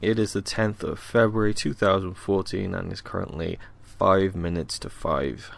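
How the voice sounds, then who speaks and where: Deep-voiced tired young man rambling. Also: fairly even intonation, moderate pace, gravelly. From Wales. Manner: rambling, self-deprecating, many ums. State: tired after a workout. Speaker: podcast host. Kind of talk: casual solo podcast monologue. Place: home.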